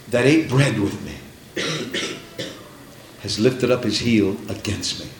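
A man preaching a sermon, swinging from hushed tones to shouted, dramatic passages. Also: on the low side, animated, slow pace, pauses often. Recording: roomy echo with faint background noise.

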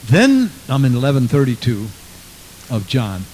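A man's voice: medium pitch, huge pitch swings, takes it slowly, a little mellow, slight background noise, poor audio. A man preaching a sermon with fervent conviction, reading scripture aloud and repeating his praise phrases.

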